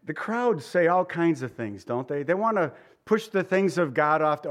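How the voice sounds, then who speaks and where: A man preaching a sermon in a conversational way, with rhetorical asides and slowing down to stress key lines. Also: a little high, animated. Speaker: pastor.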